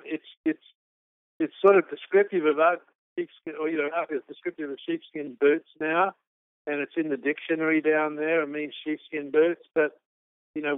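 A man's voice: fairly high pitch, clean tone, dry recording. Man from Australia on a phone-like line. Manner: rambling, restarts often, animated retelling. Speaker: guest, business founder. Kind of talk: storytelling interview answers. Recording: phone-like narrow-band line.

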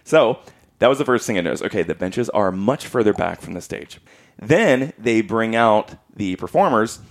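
A man telling a story in casual chat, animated, laughing often and acting out what people said. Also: fairly low pitch, moderate pace, gravelly.

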